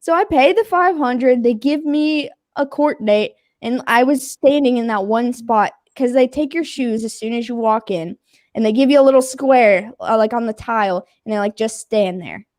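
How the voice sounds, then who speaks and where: Young woman, high voice, dry close sound, animated storytelling, acts out quotes. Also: normal speed, no echo. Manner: animated, acts out quotes, laughs, swears casually. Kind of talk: casual storytelling.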